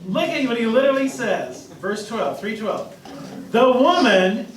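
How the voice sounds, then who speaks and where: A man, a pastor, teaching a Bible class in a conversational, animated way. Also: extremely high pitch, normal speed. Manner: conversational, animated, acts out voices and laughs. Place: church classroom. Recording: echoey room, voice from a distance, faint noise.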